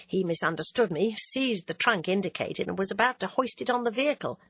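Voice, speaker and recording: A woman narrating a classic novel as an audiobook reader, in a measured, even way. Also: medium pitch, breathy edge, no echo.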